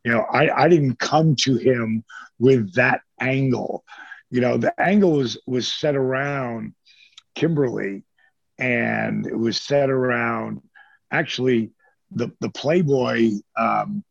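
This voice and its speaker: A middle-aged man, a former pro wrestler, telling stories as an interview guest in a lively, casual way and swearing freely. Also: mid-range voice, takes it slowly, vocal fry, husky, no room sound. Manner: animated storyteller who acts out quotes, swears freely. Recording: dull lo-fi dry sound.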